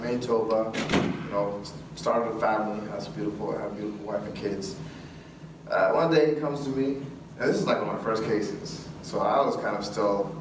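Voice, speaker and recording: A man speaking to a live audience, telling a story with lively acted-out dialogue and frequent laughs. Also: lowish voice. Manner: animated, acts out dialogue, laughs often. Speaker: guest speaker. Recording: echoey hall from far off with room noise.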